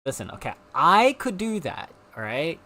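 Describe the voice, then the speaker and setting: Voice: mid-range voice, very animated, normal speed, sharp tone. Young streamer, bit of a south african accent, giggles a lot and wanders off topic, voice bouncing all over. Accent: slight South African, between British and American. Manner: giggly, rambling, easily sidetracked. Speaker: live streamer. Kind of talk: casual chatty live stream.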